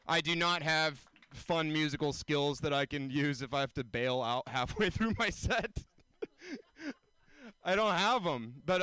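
A man in his twenties performing a self-mocking stand-up set, often jumping into high mocking voices. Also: a bit bright, clean tone, dry recording. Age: 20s. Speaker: stand-up comedian.

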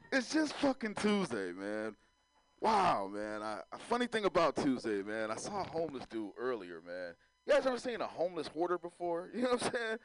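A man's voice: fairly high pitch, no room sound, poor audio. A man doing a loose, profane stand-up comedy set, often laughing at his own jokes.

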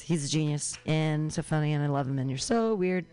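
A woman's voice: sits low, expressive, fairly quick, warm tone, smooth, no room sound. A woman hosting a comedy show, playfully gushing as she introduces the next comedian.

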